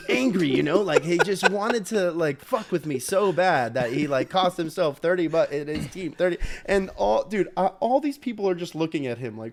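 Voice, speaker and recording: Young male podcast co-host, casual, gets loud and animated mid-story. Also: sits high, normal speed, hardly any pauses.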